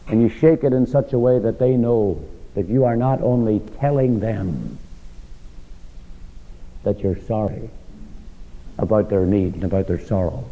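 Man preaching on a tinny hall recording. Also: on the low side. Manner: swings from hushed tender tones to rising ringing emphasis; drawn-out, slow dramatic phrasing. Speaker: preacher teaching a Bible class. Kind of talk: sermon.

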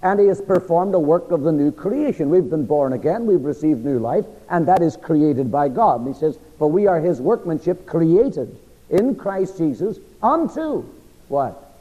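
Lively preacher with a frog in his throat. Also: on the high side, a little slow. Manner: asks the audience to fill in words. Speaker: preacher teaching a Bible class. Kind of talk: sermon-style Bible teaching. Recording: lo-fi recording with long hall reverb.

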